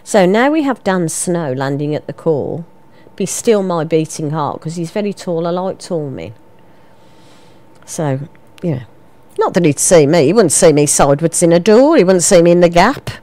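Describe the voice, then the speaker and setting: Chatty lively woman radio presenter. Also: fairly low pitch, normal speed. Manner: lively, self-mocking, rambling. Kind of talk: chatty local radio banter. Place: small radio studio. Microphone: studio microphone.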